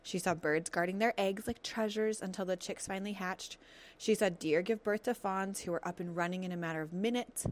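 A woman reading a children's novel aloud as narrator, telling the story in a steady, expressive way. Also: medium pitch, brisk.

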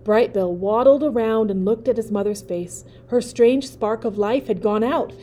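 A woman reading a children's novel aloud, narrating in a gentle, expressive way. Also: a little high, normal speed.

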